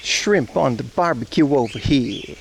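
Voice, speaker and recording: A man's voice: medium pitch, lively intonation, unhurried, vocal fry, slight background noise. A man voicing a brash, cheerful Australian bloke in a mock Australian accent, as a gag on a livestream.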